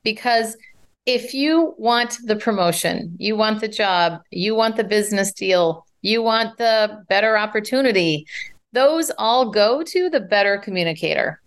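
A woman speech coach giving advice in an interview, talking in an animated way and showing vocal variety as she explains. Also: mid-range voice, a little slow.

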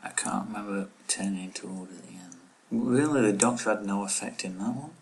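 A man co-hosting a chatty podcast, with a very deep voice. He is playful and jokey and laughs easily as he trades remarks with his partner. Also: brisk, vocal fry, low-quality recording. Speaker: podcast co-host. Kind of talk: casual chat.

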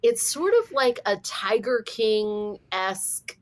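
A woman from St. Louis, a guest comedian on a casual podcast, telling animated, rambling stories full of fillers. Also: mid-range voice, slow. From St. Louis, USA.

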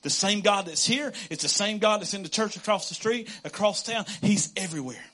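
A pastor delivers a relaxed, conversational sermon. His voice sits high and sounds bright and forceful, and he acts out little quotes along the way. The tone stays chatty and animated. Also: fairly quick. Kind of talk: casual sermon.

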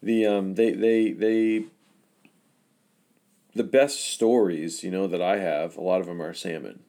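A man's voice: low-pitched, steady tone, unhurried, warm tone. A man co-hosting a podcast, chatting casually and enthusiastically, often trailing off with "you know.". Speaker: podcast co-host. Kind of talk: casual chat.

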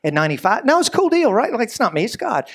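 A man's voice: very high-pitched, fast, breathy edge. Man preaching with jokes and asides. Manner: lively, joking storyteller with frequent asides. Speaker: pastor. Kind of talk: sermon.

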